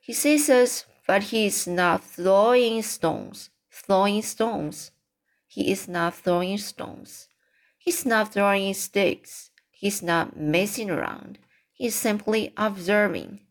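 Woman reading female swan, mother, calm, watchful, hushed, reasonable, storybook, slow. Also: mid-range voice.

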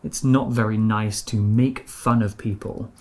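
A woman with a British accent teaching English words, explaining each one slowly and clearly with example sentences. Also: a bass voice, fairly even intonation, a little mellow. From Britain. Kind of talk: bilingual radio English lesson.

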